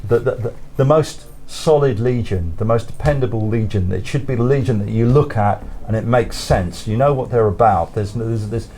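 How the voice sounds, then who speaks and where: A man's voice: medium pitch, normal speed, few pauses, warm tone, slight background noise. A man answering interview questions as a guest author in a studio, thoughtful and rambling, often repeating words and laughing.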